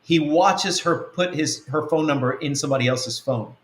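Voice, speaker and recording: A man's voice: fairly high pitch, normal speed, roomy sound. A man, an apostle of a web church, teaching earnestly through a numbered list of points, often restarting his sentences. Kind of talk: teaching talk answering a question.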